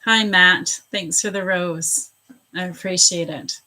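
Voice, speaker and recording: A woman's voice: fairly low pitch, steady tone, slow, sharp tone. A woman doing a live psychic reading, chatting casually with viewers, greeting them by name and restarting her sentences often. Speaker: psychic reader on a livestream.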